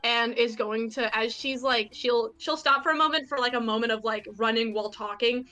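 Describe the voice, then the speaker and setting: A woman playing a tabletop game, excitable, repeating herself as she talks fast. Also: a little high, faint music behind. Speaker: player. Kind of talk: casual tabletop play.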